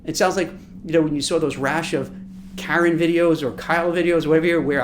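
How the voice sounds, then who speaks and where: A man's voice: fairly high pitch, brisk, slight background noise. A man who works as a recruiter, giving casual career advice and acting out imagined conversations. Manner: animated, acts out imagined dialogue.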